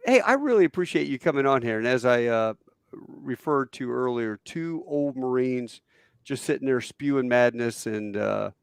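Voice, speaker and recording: A man in his fifties hosting a podcast, chatting casually and telling stories with a relaxed, laughing manner. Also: medium pitch, normal speed, creaky, clean tone, dry recording, studio quality. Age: 50s. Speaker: podcast host. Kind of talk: casual conversation.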